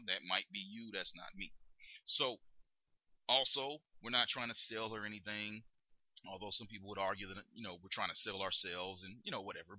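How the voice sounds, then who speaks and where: Male instructor, bright forceful voice, animated pitch, dull lo-fi recording. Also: no room sound. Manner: demonstrates tones, emphatic and lively delivery. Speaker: dating coach. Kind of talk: instructional monologue.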